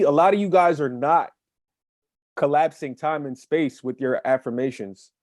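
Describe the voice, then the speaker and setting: A man's voice: on the high side, a little mellow, no echo, clean studio sound. A man co-hosting a casual chat as a manifestation coach, speaking emphatically and repeating key phrases for effect.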